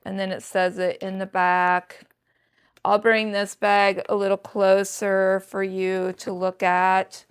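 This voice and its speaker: A woman's voice: medium pitch, flat delivery, slow, smooth. A woman in her sixties chatting to viewers in a casual haul vlog, showing off thrifted handbags with chatty enthusiasm. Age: 60s. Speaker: thrift reseller vlogger.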